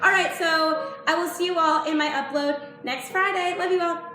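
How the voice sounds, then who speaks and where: A woman's voice: very high-pitched, fairly even intonation, normal speed, pushed and bright. A young woman teaching dance, chatty and apologetic, counting the beats aloud. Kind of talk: dance tutorial vlog. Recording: echoey room with faint noise.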